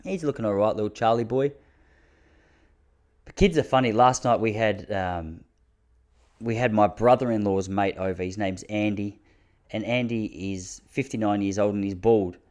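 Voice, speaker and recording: An Australian man in his thirties, hosting a podcast and telling rambling, self-mocking comic stories with quick asides. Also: on the low side, a little mellow. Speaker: podcast host. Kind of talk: comic storytelling monologue.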